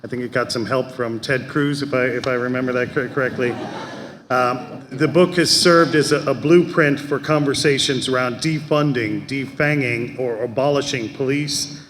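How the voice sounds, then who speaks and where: Male moderator, measured with fillers, hall reverb and faint background noise. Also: medium pitch, steady tone, fairly bright tone. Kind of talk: panel moderation. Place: conference hall.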